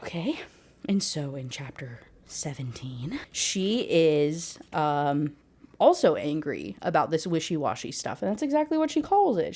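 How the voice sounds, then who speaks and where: A woman's voice: fairly low pitch, sing-song, measured pace, a little mellow, slightly rough. A woman giving a candid, exasperated rant review of a book, peppering her talk with "like" as she vents. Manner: exasperated, candid, heavy use of 'like'.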